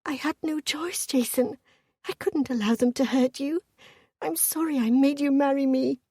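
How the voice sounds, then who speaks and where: Young noblewoman in an audiobook, urgent and pleading, higher than the narration, warm breathy voice, as a narrator puts her on. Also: a little fast, no echo, clean studio sound, far from the mic. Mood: earnest. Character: earnest young noblewoman, anxious wife.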